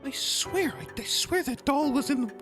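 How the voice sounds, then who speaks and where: Brief: man in falsetto as a frightened lady, shrill and panicked. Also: unhurried, music in the background. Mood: alarmed.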